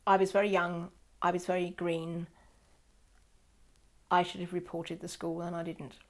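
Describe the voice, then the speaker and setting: A woman's voice: fairly low pitch, moderate pace. An older woman telling a personal story in an interview, acting out quoted dialogue. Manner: animated, acts out quoted dialogue.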